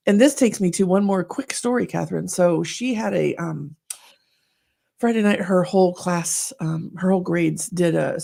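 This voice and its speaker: A middle-aged woman co-hosting a podcast, telling animated stories in casual chat and acting out the voices she quotes. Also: lowish voice, vocal fry. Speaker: podcast co-host.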